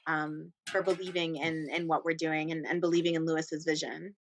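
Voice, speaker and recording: A woman's voice: low-pitched, level tone, normal speed, a little hiss or hum. A woman who co-organizes a comedy festival, chiming in eagerly during a casual podcast interview.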